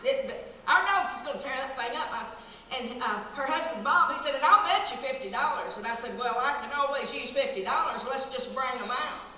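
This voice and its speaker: A woman's voice: high-pitched, lively intonation, brisk, bright, forceful tone. A woman telling folksy country comedy stories on stage with a drawl, chatty and playful. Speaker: stand-up comic in character. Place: live stage show in a large hall. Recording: echoey hall from far off, noisy.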